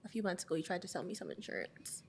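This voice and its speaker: A woman's voice: fairly low pitch, rapid-fire, slightly rough. A young woman co-hosting a podcast, chatting casually and telling a story with lots of laughs. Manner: animated storyteller, laughs often. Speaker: podcast co-host. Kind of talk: casual chat. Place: indoors, podcast recording.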